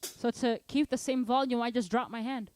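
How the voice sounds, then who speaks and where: A woman's voice: a little high, fairly even intonation, normal speed, a little mellow, faint music behind. A woman teaching drums in a casual online lesson, chatty and playful, singing patterns aloud. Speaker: drum teacher answering student questions. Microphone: studio microphone at drum kit.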